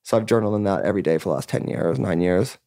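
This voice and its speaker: A man's voice: sits low, racing, vocal fry, mellow, dry recording, studio quality. A man of about thirty, a musician guest in a casual interview, telling his story candidly and rambling, with plenty of "like" and swearing. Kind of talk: casual podcast interview chat.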